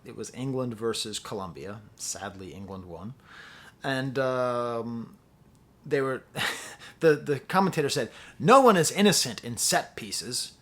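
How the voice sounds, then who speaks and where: A man giving a casual spoken album review, rambling and digressive, full of fillers and restarts. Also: mid-range voice. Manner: mocks his own reactions in playful voices. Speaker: music reviewer.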